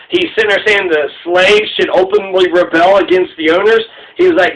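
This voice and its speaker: A man's voice: high voice, normal speed, a bit bright, rough recording. A man from Colorado giving a rambling, profane talk to an audience, often stopping to correct himself. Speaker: public speaker.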